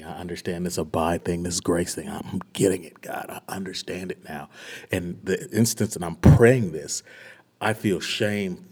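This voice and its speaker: Low-voiced man sharing an earnest testimony. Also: breathy edge. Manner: earnest and searching, often dropping to a hushed, near-whispered delivery. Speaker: pastor. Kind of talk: personal testimony to a small group.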